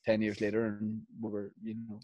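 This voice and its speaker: Deadpan young man, dry close sound. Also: fairly low pitch, brisk, no room sound, dull audio. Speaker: podcast co-host. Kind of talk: casual storytelling chat.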